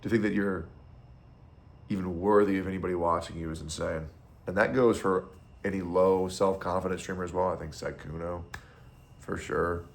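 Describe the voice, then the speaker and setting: Deep gravelly-voiced man ranting bluntly. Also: steady tone, moderate pace. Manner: blunt, profane, opinionated. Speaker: streamer. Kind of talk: casual ranting monologue.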